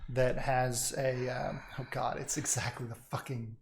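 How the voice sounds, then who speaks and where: A game master narrating a tabletop game, halting with fillers and laughing often. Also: mid-range voice, flat delivery, creaky, a little hiss or hum.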